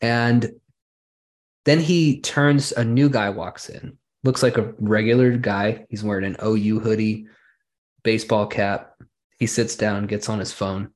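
A podcast host with a somewhat low voice spins a long, wry anecdote for his co-host. He talks casually and lingers on small details, setting the scene piece by piece. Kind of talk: casual storytelling chat.

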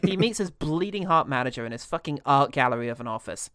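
A man's voice: mid-range voice, animated, fast, fairly bright tone, no echo. Sarcastic man riffing, dry close mic. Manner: sarcastic, mocking, swears freely. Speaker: podcast co-host. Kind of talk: casual film review banter. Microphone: earphone headset.

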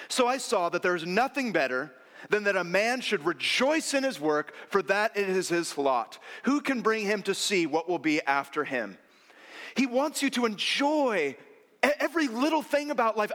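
A man's voice: high voice, big-room sound. A man preaching a sermon, telling personal stories and acting out the voices of people he quotes. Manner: animated, acts out quoted voices. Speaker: pastor.

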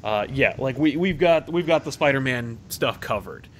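A man's voice: medium pitch, animated, moderate pace, slight background noise. A young man co-hosting a casual podcast chat, rambling with many fillers and restarts. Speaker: podcast co-host.

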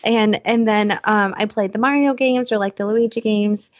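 A woman co-hosting and producing a podcast, chatting in a rambling, excitable way and acting out what people said. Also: mid-range voice, moderate pace, highs cut off. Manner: rambling, excitable storyteller who acts out quotes. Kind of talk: casual chat.

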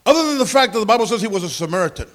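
A man preaching a sermon, leading a prayer and explaining scripture with lively conversational asides and frequent throat clearing. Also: high voice, rapid-fire. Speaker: pastor.

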